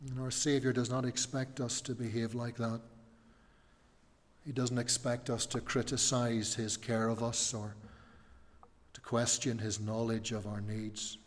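A male pastor preaching a sermon in an earnest way, rising to emphatic questions and dropping soft. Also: mid-range voice, flat delivery, a little slow. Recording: long reverb of a church hall.

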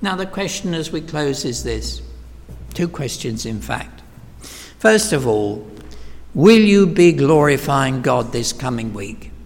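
A man preaching a sermon, slow and emphatic, swinging from hushed whispers to loud cries. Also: medium pitch, expressive. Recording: long reverb of a large hall.

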